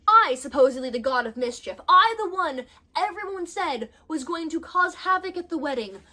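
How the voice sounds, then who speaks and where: A young woman hosting a storytime vlog, retelling events with animated, dramatic flair. Her voice sits high and sounds bright and crisp. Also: moderate pace, few pauses. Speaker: storytime vlogger.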